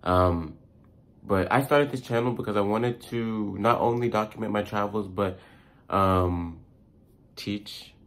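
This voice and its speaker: A young American man giving casual language-learning tips in a rambling vlog, full of fillers and restarts. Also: deep voice. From United States.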